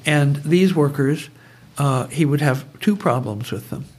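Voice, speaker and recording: Husky, digressive male storyteller. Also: a little high, unhurried, darkish tone. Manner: digressive, goes off on tangents. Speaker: guest, brainwave trainer. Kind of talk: conversational storytelling.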